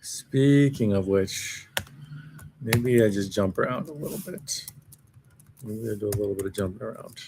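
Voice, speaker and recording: A man's voice: on the low side, brisk, noisy background. A man live streaming alone, rambling in a sardonic, self-mocking way as he reacts to what he reads. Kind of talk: casual solo live stream commentary.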